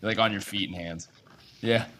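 A man's voice: on the low side, steady tone, moderate pace, bright, forceful tone, slight background noise. A man narrating a tabletop game as game master, rambling with frequent restarts.

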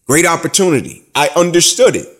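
Fired-up man, raised pitch. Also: sing-song, fairly quick. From Atlanta, USA. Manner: emphatic and preacher-like, builds to loud, rising climaxes. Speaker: guest, former student. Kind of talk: emotional storytelling interview.

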